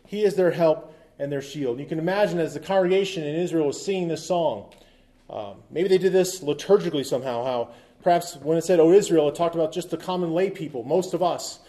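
Pastor guy giving a sermon in church, kinda high but mellow voice, chatty asides. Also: fast. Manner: conversational preaching with asides and quips; reads scripture aloud with emphasis.

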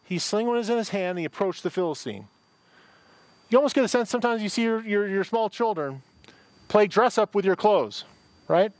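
Man preaching a chatty sermon, higher voice. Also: animated, moderate pace, darkish tone, no room sound. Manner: conversational preaching with asides and repetitions. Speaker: pastor. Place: church service with a parking-lot and online audience.

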